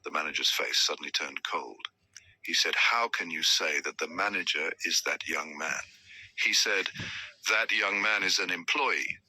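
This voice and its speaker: A man's voice: low-pitched, measured pace, bright, forceful tone, low-quality recording. A man giving a motivational storytelling talk as a trainer, acting out the dialogue he quotes. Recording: music playing behind voice.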